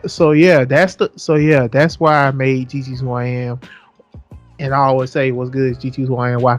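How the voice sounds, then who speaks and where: A young man co-hosting a podcast, chatting casually with a lot of rambling and "so yeah" repeats, swearing freely. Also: medium pitch. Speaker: podcast co-host. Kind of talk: casual chat.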